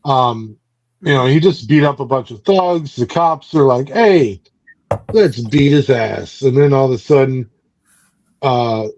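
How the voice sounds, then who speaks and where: A man's voice: medium pitch, unhurried, dull audio. A man hosting a book club, casually recapping a comic book in a rambling way with lots of fillers. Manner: rambling, loose, many fillers.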